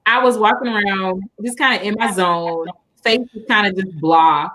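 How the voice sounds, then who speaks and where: Bright-voiced chatty woman panelist. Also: medium pitch, normal speed. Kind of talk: casual panel chat.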